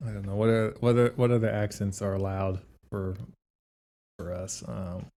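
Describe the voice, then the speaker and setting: A man's voice: on the low side, moderate pace. A man co-hosting a podcast in casual chat, telling stories and acting out quotes from friends. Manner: animated storytelling, acts out quotes, laughs often. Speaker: podcast co-host.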